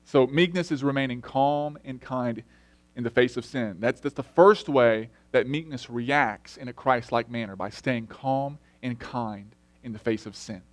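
A middle-aged man preaching a sermon in an earnest, storytelling way, dropping soft and then rising emphatic. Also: mid-range voice, measured pace, no room sound. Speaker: lay preacher.

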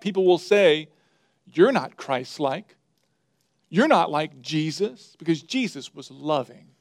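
A man's voice: a little high, a little mellow, no echo, studio quality. A male pastor, preaching emphatically and telling a folksy parable. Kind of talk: sermon.

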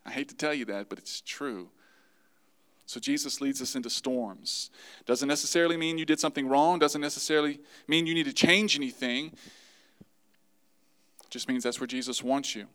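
A man preaching a sermon to his congregation, lively and acting out the voices he quotes. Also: mid-range voice, moderate pace, pauses often. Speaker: pastor.

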